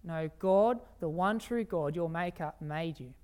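Smooth-voiced preacher giving an emphatic sermon. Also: mid-range voice, darkish tone. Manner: emphatic, slows down on key phrases, asks rhetorical questions.

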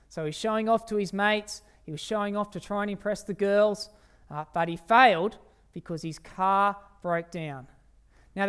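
A preacher giving an evening sermon in an emphatic way, slowing down on key phrases and asking the listeners rhetorical questions. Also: medium pitch, clean tone.

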